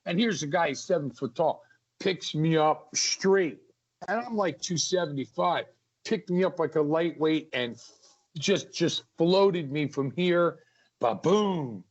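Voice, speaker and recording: A man, a wrestler, telling stories from the ring as a guest in an energetic, animated way. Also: a little high, takes it slowly, breathy edge. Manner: energetic, acts out ring action. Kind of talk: animated storytelling. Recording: lo-fi muffled audio.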